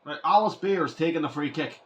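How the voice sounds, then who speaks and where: A man commentating his own retro football game, ranting and shouting at the players when things go wrong. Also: a little high, brisk. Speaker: gaming channel host.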